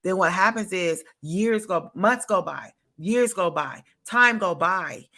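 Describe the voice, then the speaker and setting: Emphatic woman podcast host, bright voice. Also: lowish voice, slow. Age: adult, a parent. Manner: emphatic, repeats phrases for effect. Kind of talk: faith-based podcast talk.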